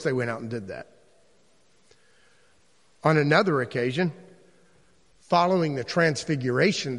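A man teaching a Bible class in a conversational way, posing rhetorical questions to his listeners. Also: a little high. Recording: long reverb in a large room.

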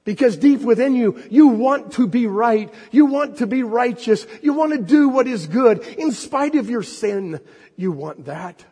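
A man preaching a sermon and reading a story aloud, earnestly, moving from loud to hushed. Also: extremely high pitch, lively intonation, unhurried, few pauses, husky, big-room sound.

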